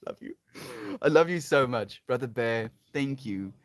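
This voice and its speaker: A man's voice: mid-range voice, lively intonation, unhurried, dry recording. A sleep-deprived man rambling affectionately on a livestream, reading chat aloud and laughing often.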